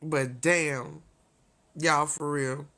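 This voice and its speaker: A woman's voice: low-pitched, steady tone, very slow, fairly bright tone. A woman hosting a casual livestream, ranting heatedly and profanely straight at her viewers, breaking off to laugh and apologize. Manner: laughs often, apologetic asides. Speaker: livestream host.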